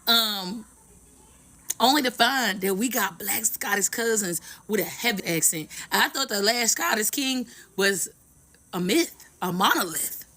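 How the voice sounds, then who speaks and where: A woman chatting casually to camera, excited and playful, her voice hoarse after a party. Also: mid-range voice, unhurried.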